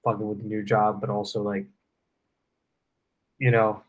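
A man in his twenties co-hosting a podcast, talking in a relaxed, slangy, profane way over a video call. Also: on the low side, normal speed. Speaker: podcast co-host. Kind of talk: casual chat. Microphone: headphones on a video call.

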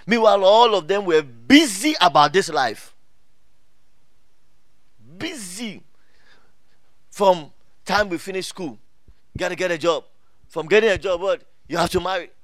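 A middle-aged man preaching a sermon in a high voice, recorded dry with little room sound. He calls out to the congregation, laughs often and repeats himself as he builds his points. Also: normal speed, no room sound. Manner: animated preaching with call-outs to the congregation; laughs often, many restarts and fillers. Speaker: pastor.

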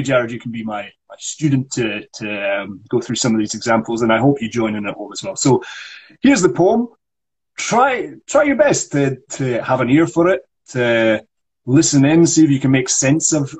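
A man's voice: mid-range voice, a little mellow, husky. A man with a northeast Scottish accent, an acting coach chatting loosely on a livestream with frequent restarts. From northeast Scotland. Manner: chatty, lots of restarts and fillers. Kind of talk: livestream chat.

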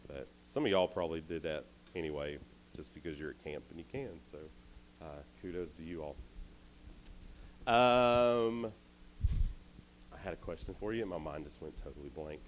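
A man's voice: extremely low pitch, moderate pace, pauses often, a little hiss or hum, low-quality recording. A man, a little tired, giving a casual camp sermon full of self-deprecating stories. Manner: chatty, self-deprecating storyteller. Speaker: youth camp speaker. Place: indoor camp meeting hall.

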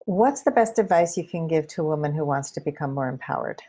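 Deep, husky woman host. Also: lively intonation, fast, mellow. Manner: brief, supportive replies. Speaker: podcast host. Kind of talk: interviewing.

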